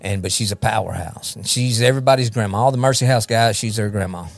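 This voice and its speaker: A man's voice: fairly low pitch, fast, creaky, soft background music. A man shares his personal testimony as a podcast guest, rambling and repeating words as he talks. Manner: rambling, repeats words, often asks "you know what I mean?". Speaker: guest, recovery ministry leader.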